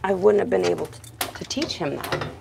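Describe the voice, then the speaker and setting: A woman's voice: lowish voice, a little fast, gravelly, noisy background. A woman who works as a professional dog groomer, giving a chatty grooming demonstration indoors in her shop and talking both to the dog and to viewers.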